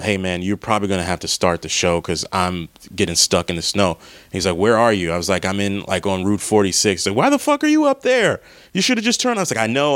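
A man with a very low, smooth, resonant voice tells a rambling story, cursing freely as he goes. The sound is close and dry, with no room around it. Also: no room sound. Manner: profane, rambling, animated retelling. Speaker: comedian. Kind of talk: casual storytelling monologue.

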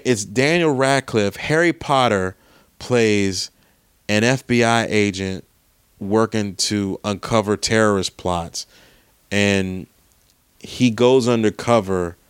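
A man with a fairly low, smooth voice gives a loose, unscripted movie review. He swears casually and circles back on his sentences. The sound is clean and dry, close to the mic. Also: dry recording. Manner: rambling, profane, restarts sentences often. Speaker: film reviewer.

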